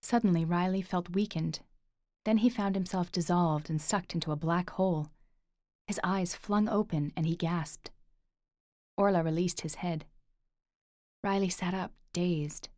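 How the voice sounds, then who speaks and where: A woman reads an audiobook in a steady, measured manner. Her pitch sits fairly low, and the scripted narration was captured dry with studio quality.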